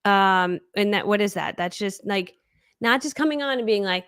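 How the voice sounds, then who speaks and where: An energetic woman coaching viewers through a live stream, her voice jumping high with enthusiasm and then dropping low as she mutters to herself while searching her screens. Her voice sits at a middle pitch, and the sound is dry and close. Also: normal speed, clear, resonant tone, no echo. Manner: energetic, chatty, big upbeat swings in pitch; thinks aloud while fumbling with screens. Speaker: online business coach.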